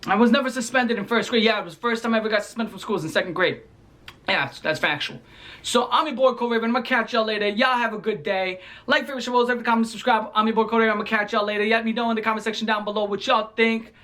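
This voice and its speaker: A man in his twenties who tells a story in a casual, animated and profane way, full of slang, as a vlogger. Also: high voice, quick pace. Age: 20s.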